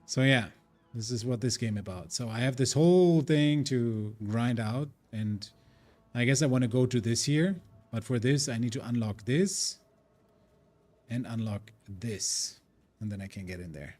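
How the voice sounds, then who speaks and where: A man's voice: medium pitch, unhurried, a little mellow, faint music behind. A man chatting casually with his live-stream viewers while he plays, rambling and thinking aloud. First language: German. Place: living in India.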